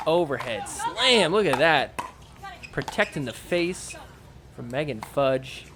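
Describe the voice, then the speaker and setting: A man reacts to match footage with casual, joking commentary and keeps cutting in with laughs and impressions of the players. His voice sits at a middling pitch. Faint noise hums under the recording. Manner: playful, laughing, mimics players. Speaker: podcast host.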